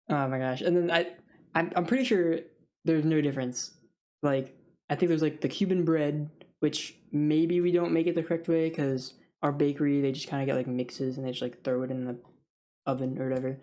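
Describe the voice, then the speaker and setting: A young woman with a notably low voice rambles through a casual rant, full of fillers and little laughs. She talks loosely and informally, like venting to a friend. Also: steady tone, a little fast, a little mellow. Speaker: food service worker.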